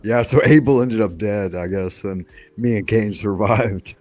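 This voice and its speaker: A man hosting a casual live stream, telling relaxed stories and swearing casually. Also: fairly low pitch, measured pace. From United States. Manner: laid-back storyteller, swears casually. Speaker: stream host. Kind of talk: casual chat.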